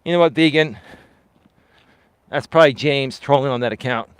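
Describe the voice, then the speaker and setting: A man's voice: medium pitch, moderate pace, smooth, dry recording. A man, a life coach, chatting casually on a livestream while out walking, reading viewer comments and answering them. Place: outdoors on a walk.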